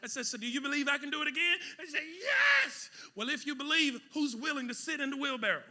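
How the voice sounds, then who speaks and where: A pastor preaching a sermon, swinging between loud shouted peaks and quiet asides. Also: male voice, extremely high pitch, very fast. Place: church sanctuary with congregation.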